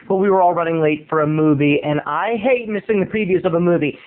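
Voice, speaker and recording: A man's voice: on the high side, fast talker, few pauses. Playful gossipy guy vlogging a funny story, sounds tinny like a phone. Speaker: video blogger. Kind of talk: comic storytelling vlog. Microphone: home camera mic. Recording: tinny lo-fi home video.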